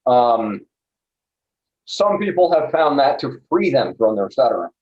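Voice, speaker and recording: A man hosts an interview, speaking very slowly and hesitantly, with many fillers as he shapes a question. His voice is mid-pitched, and the sound is roomy and dull, like lo-fi audio in an echoing room. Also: big pitch swings. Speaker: interviewer, host. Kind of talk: conversational interview.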